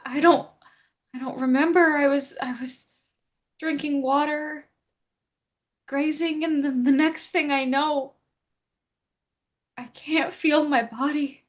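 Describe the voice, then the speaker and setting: A woman playing a hoarse, wounded deer. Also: high voice, fairly even intonation, takes it slowly, long pauses, pitched above the performer's own voice. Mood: pleading. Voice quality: hoarse, weak. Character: gravely wounded frightened female deer.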